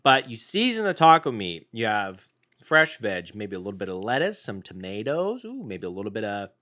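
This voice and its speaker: A man chats casually on a food-tasting podcast, joking around and breaking into loud, excited exclamations. His pitch swings widely and his voice has a bright, forceful edge. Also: normal speed. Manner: animated, jokey, loud bursts of excitement. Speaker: podcast co-host.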